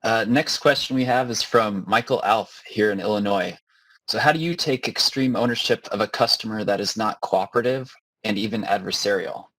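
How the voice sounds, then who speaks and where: A man's voice: on the low side, normal speed, fairly bright tone, low-quality recording. A man moderating, reading audience questions aloud in a brief, matter-of-fact way.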